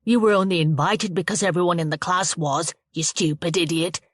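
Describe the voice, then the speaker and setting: A woman's voice: on the low side, fairly even intonation, a little fast, no room sound, clean studio sound, close to an everyday voice. A woman voicing a cruel schoolboy bully with a sneering, taunting manner.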